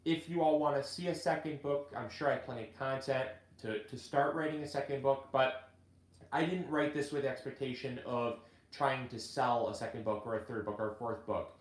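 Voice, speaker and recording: A man hosting a casual gardening video, chatting in a halting way with many restarts. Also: mid-range voice, fairly even intonation, reverberant. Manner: chatty, halting restarts, gets choked up reading. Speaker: gardening channel host and author. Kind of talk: casual live video chat.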